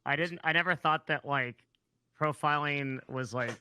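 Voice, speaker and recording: A man's voice: on the high side, normal speed, sharp tone, clean tone. A man on a casual podcast, telling anecdotes in a laid-back way and laughing often.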